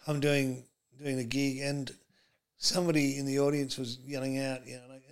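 A man's voice: mid-range voice, normal speed, a bit bright. A middle-aged man, a comedian telling stories as a podcast guest in a rambling way, full of fillers and restarts. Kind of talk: casual interview chat.

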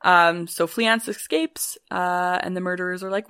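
A woman with a fairly low voice tells a story in a relaxed podcast chat. She is playful and swears freely, and she briefly acts out the characters' lines as she goes. The recording is dry and close to the mic. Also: unhurried, clean tone, dry recording. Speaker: podcast guest retelling a play.

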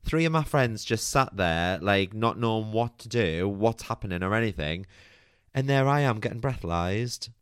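Chatty man with a smooth voice. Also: fairly low pitch, expressive, moderate pace, fairly bright tone, no room sound, studio quality. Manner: chatty and candid, peppered with "like" and mild swearing. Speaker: podcast host. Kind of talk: personal storytelling monologue.

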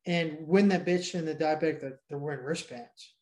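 A man's voice: a little high, brisk, a little mellow. A man from Georgia co-hosting a casual chat, recapping a movie in a rambling, profane way. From Georgia, USA.

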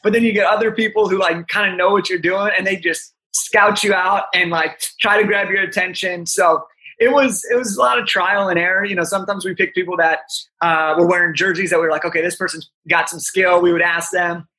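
A young man in his twenties, a podcast guest, telling an animated story with frequent "right?" asides. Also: high-pitched, brisk.

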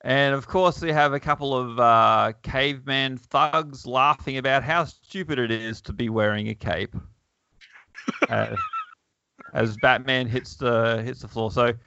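Podcast chat from a man with a gravelly edge and a bright, forceful tone, who talks wryly and chuckles as he reads a comic aloud. The sound is dull and lo-fi. The room is dry. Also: medium pitch, steady tone, unhurried. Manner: wry, chuckling, lots of fillers. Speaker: podcast host.

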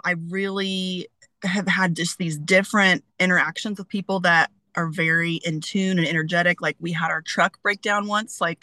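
Chatty woman with a bright voice. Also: on the low side, no room sound. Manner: chatty, storytelling, many fillers. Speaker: guest. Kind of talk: casual interview.

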